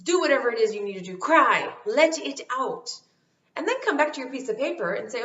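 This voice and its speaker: A woman's voice: on the high side, expressive, brisk, bright, forceful tone, a little hiss or hum. A woman vlogger talking casually to camera with motivational life advice, emphatic and repeating her key phrases. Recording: roomy, distant, dull sound.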